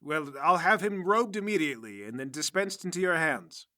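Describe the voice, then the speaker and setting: A man's voice: a little high, animated, normal speed, sharp tone, no echo, studio quality, pitched above the performer's own voice. A man voicing a stern female prison warden. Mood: formal.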